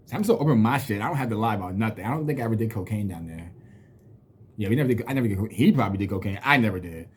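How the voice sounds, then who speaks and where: Male, 30s, husky voice; blunt, profane storyteller venting on a vlog. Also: medium pitch, a little mellow. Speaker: vlogger. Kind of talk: casual storytelling rant to camera.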